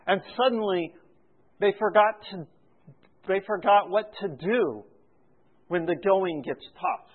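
Male preacher, unhurried and deliberate, voice sits high; narrow lo-fi recording. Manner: slow, deliberate teaching with rising emphasis on refrains. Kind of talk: sermon. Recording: phone-like narrow sound.

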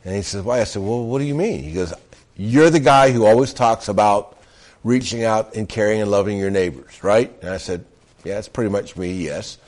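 A man preaching a sermon in an earnest way, stressing phrases with pauses and slipping into casual storytelling. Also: on the low side, darkish tone. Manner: conversational storytelling with restarts. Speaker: pastor.

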